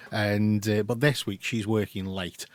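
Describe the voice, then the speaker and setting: A man with a lowish voice tells rambling everyday stories on a podcast, casual and sweary. The recording is dry and close. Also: steady tone, unhurried, no echo. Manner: chatty storyteller, rambling, swears. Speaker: podcast co-host. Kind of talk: casual chat.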